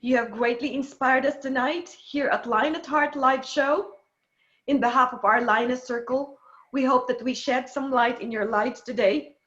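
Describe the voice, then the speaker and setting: Woman host, kinda high voice, gushing thanks, muffled dull audio. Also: fairly bright tone. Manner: effusive, emotional, grateful. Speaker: show host and author. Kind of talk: closing remarks on a live online show.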